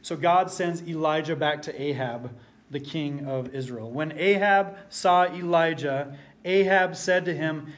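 A man preaching an expository sermon and reading scripture aloud. He talks emphatically, slowing down and dropping nearly to silence to stress a point. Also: fairly high pitch. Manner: emphatic, slows down and drops to near silence for stress.

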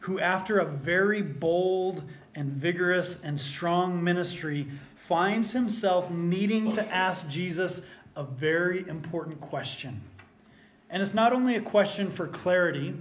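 A man's voice: a little high, a little hiss or hum. A middle-aged man preaching a conversational sermon, telling personal stories in an earnest, folksy way with self-deprecating asides. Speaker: pastor.

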